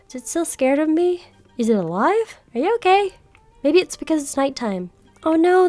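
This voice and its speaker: High-voiced excitable gaming woman. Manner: chatty and excitable, squeals when startled. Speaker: gaming video creator. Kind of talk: gameplay commentary.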